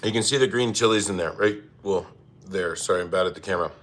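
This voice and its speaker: Male cooking-stream host, low voice with a bright edge, laid-back and chatty, reads chat and apologizes a lot. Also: fast talker. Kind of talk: casual cooking livestream chat. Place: home kitchen.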